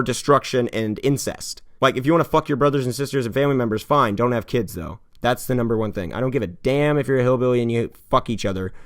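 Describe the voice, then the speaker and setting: A man in his twenties from California, talking in an earnest confessional vlog, rambling and heartfelt, swearing often and swinging between hushed and heated. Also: mid-range voice. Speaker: YouTuber.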